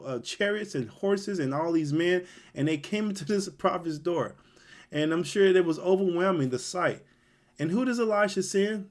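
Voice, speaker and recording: A man giving a sermon, reading scripture aloud and acting out the characters' lines in an animated way. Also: fairly high pitch. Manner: animated, reads scripture then acts out characters' voices. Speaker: Bible teacher.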